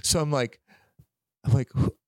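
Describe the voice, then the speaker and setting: A man co-hosting a podcast, telling rambling, animated anecdotes in casual chat. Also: a little slow, no room sound, clean studio sound. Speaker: podcast co-host.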